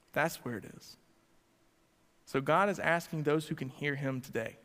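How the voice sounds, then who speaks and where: A male pastor preaching to a church congregation, asking them direct questions and swinging between loud emphasis and quiet lines. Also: a little high, steady tone, normal speed. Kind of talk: sermon. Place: church sanctuary before a congregation. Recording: long hall reverb.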